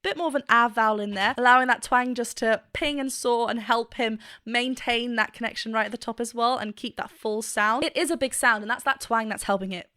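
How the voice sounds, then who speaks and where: A woman with a fairly high speaking voice talks through a singing performance as a vocal coach. Her tone is enthusiastic and explanatory, with brief sung notes to show a point. The sound is dry and close, with no room echo. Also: bright, forceful tone. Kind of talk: reaction video commentary.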